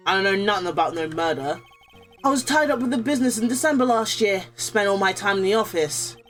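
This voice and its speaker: A woman's voice: mid-range voice, lively intonation, fairly quick, a bit bright, faint music behind, lightly acted. A woman playing a brash thuggish loan shark. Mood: menacing. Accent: Brooklyn attempt, sounds Australian. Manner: gruff, threatening street slang. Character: brash hot-headed male loan shark thug. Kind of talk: reading game dialogue aloud.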